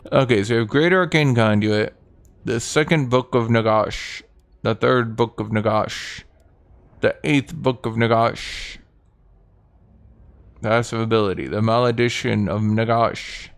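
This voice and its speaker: A man's voice: medium pitch, unhurried, vocal fry, clear, resonant tone. A young man streaming a strategy game, talking offhand and sardonic, swearing casually as he comments.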